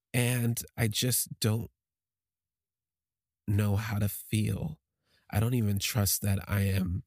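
A man telling a personal story on a podcast, halting and emotional, with many restarts. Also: fairly low pitch, a little mellow, husky, no echo, studio quality.

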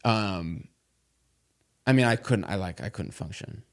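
A man's voice: fairly low pitch, animated, measured pace. A middle-aged man chatting casually as a podcast guest, telling a long story with many fillers and restarts. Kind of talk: casual chat.

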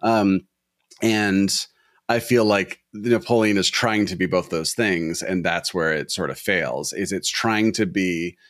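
A man with a lowish voice talks through his ideas in a casual, rambling way, analytical with a wry edge. His voice is recorded close and dry, with no room sound. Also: measured pace, fairly bright tone, dry recording. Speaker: film podcast co-host. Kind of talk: casual discussion.

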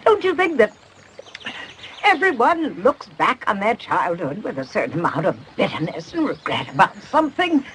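A woman's voice: mid-range voice, very animated, normal speed, a bit bright, a little hiss or hum. An actress playing an older mother who chides her grown daughter with wry, theatrical affection, in a film scene with faint birds outside. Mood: wistful, chiding.

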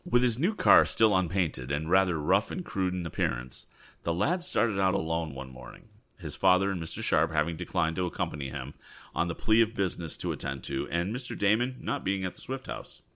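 A man's voice: low-pitched, animated, fairly quick, sharp tone. A man reading an old adventure story aloud, breaking off for chatty asides. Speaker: reader.

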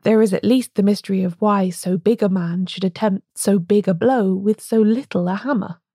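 A woman reading as a quiet colourless little priest. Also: medium pitch, moderate pace, breathy edge, no room sound, clean studio sound. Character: small dull-voiced mild male priest.

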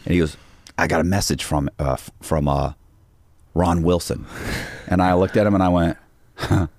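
A middle-aged man appears as a podcast guest, casually telling a rambling story with restarts and acting out quotes from other people. His voice is low, a little mellow and at a moderate pace, in a dry recording.

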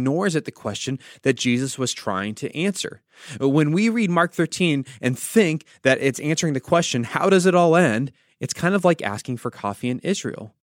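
A man's voice: a little high, dry recording, clean studio sound. A man hosting a devotional podcast, teaching with storytelling and wry asides. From United States. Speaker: podcast host.

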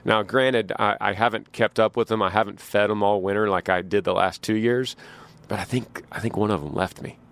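A man's voice: fairly low pitch, steady tone, brisk, creaky, clear, resonant tone. A man from Texas, hosting a podcast and telling stories casually in a rambling, folksy way with frequent restarts. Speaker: podcast host. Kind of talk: casual storytelling.

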